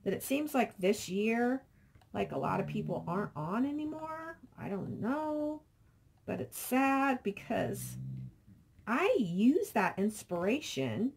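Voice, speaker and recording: A woman's voice: a little high, very animated, takes it slowly, gravelly, a little mellow, breathy edge. A middle-aged woman vlogging casually, rambling and reading viewer comments aloud. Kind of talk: casual chat.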